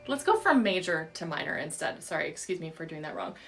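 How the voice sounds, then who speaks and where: A woman vocal coach leading a livestream warm-up, cueing exercises in a drawn-out, encouraging way. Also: low-pitched, big pitch swings, creaky, faint music behind. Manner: encouraging, demonstrates sung exercises between spoken cues.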